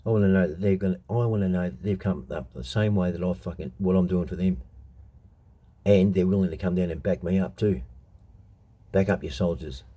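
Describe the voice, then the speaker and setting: A man's voice: low-pitched, a little fast, dark tone, slightly rough. A middle-aged Australian man in a blunt, profane, heated monologue, telling stories from his past as a show host. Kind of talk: unscripted monologue.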